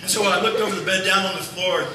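Pastor guy telling a folksy story in a sermon, high-ish voice, heard from far back in a big echoey church. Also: fairly even intonation, fast, sharp tone, slight background noise. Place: church sanctuary.

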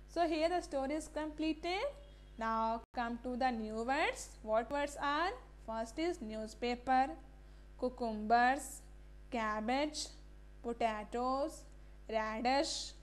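A woman teacher with an Indian English accent, reading a story to young children and often asking the class questions. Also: high voice. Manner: asks the class rhetorical questions and repeats words slowly.

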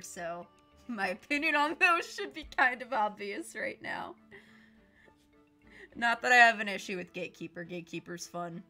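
A woman's voice: medium pitch, expressive, unhurried, pushed and bright, soft background music. A young woman chatting casually while streaming a game, giggling often.

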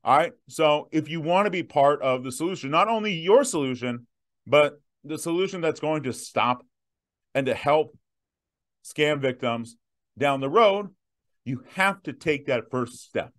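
A man in his thirties hosting a viewer Q&A, emphatic and direct, slowing down to stress his points. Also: a little high, expressive. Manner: emphatic, punchy repetitions, slows down to stress points. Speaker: host answering viewer questions. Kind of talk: direct-to-camera Q&A.

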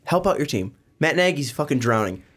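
A man's voice: a little high, sing-song, a little fast. A man hosting a casual sports talk show, ranting bluntly and with profanity about his team. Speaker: sports podcast host.

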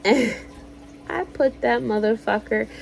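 A woman's voice: a little high, slow pace, vocal fry, low-quality recording. A woman in her thirties telling a long story in a casual vlog, rambling and swearing, with lots of fillers. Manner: rambling, profane, animated storytelling with many fillers. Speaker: vlogger.

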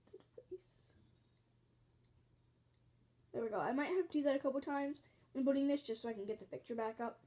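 A woman's voice: a little high, a little mellow. A woman teaching a building game step by step, counting blocks aloud, apologizing often as she fights off a cough at home. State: bouts of coughing. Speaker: game tutorial host.

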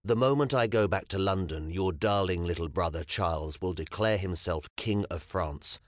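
A man's voice: deep voice, moderate pace, no room sound, clean studio sound, close to an everyday voice. A male audiobook narrator voicing a weary, frustrated medieval king who speaks impatiently. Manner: irritable, scowling, impatient. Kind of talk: audiobook character voice.

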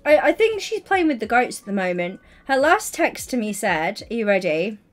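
A woman's voice: a little high, sing-song. A young woman chatting casually to her livestream audience, giddy and bubbly but tired and yawning, on a headset mic. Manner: giddy, bubbly and chatty, quick asides to chat.

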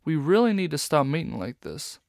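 A man voicing a charming male raccoon master thief in a storybook, talking smoothly and teasingly. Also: a little high, big pitch swings, a little fast, darkish tone, no room sound, studio quality.

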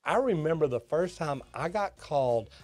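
A man, a plumbing educator, giving an energetic, emphatic business lesson to tradespeople and acting out talks with customers. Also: a little high, moderate pace.

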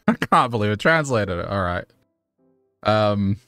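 A man's voice: on the low side, lively intonation, unhurried, long pauses, sharp tone, clear, resonant tone, no echo, soft background music. A man streaming a video game, joking playfully and talking to the characters as he plays. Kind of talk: playful gameplay commentary.

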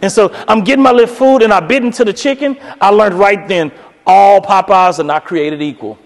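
Guy from doing a lively keynote, does voices for the quotes, long echo like a big hall. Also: high-pitched, fairly quick. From South Louisiana. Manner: animated, acts out voices in quoted dialogue, casual Southern phrasing. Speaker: keynote speaker, professor. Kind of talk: energetic storytelling keynote. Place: lecture hall.

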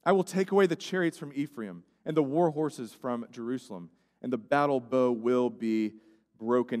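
A male pastor preaching a sermon, swinging between loud emphatic lines and hushed, quiet passages. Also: mid-range voice, very animated, normal speed. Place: church sanctuary. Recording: church sanctuary with long reverb.

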